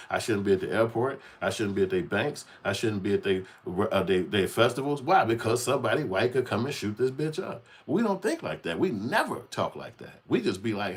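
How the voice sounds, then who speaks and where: A man's voice: fairly low pitch, lively intonation, brisk, hardly any pauses, slightly rough. A man giving a blunt, heated commentary, cursing freely and acting out other people's voices. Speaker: channel host. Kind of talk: unscripted commentary rant.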